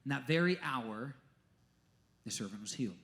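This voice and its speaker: A man preaching a sermon as a pastor, telling stories emphatically and dropping to a hush at times. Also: mid-range voice, normal speed. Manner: animated, emphatic storytelling with sudden drops to a hush.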